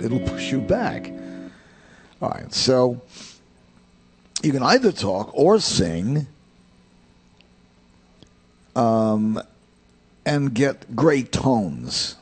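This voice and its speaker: A man's voice: medium pitch, a little mellow. An older man giving a rambling, plain-spoken voice lesson, drifting into anecdotes. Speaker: voice teacher.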